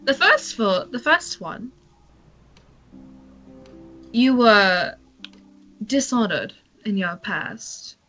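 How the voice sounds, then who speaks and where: Woman as a card-reading fortune-teller, slow and dramatic, bright voice, soft music behind. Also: fairly high pitch, sing-song, exaggerated voice. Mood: mystical. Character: theatrical female fortune-teller reading cards.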